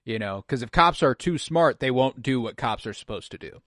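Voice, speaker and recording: A man's voice: medium pitch, animated, a little fast, a bit bright, no echo, studio quality. Rambling man on a casual podcast. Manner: rambling, full of "like" and "uh", acts out quotes. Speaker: podcast co-host.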